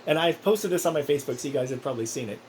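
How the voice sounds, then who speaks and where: A man's voice: on the high side, expressive, rapid-fire, darkish tone, slight background noise, poor audio. A man talking casually in a personal vlog, rambling and earnest, with many restarts. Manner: earnest, encouraging. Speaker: vlogger.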